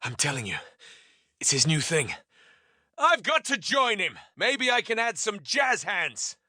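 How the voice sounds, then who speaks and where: A man voicing an excitable, eccentric male neighbor who talks in high, breathless bursts. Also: measured pace, no room sound, clean studio sound, exaggerated voice. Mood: excited.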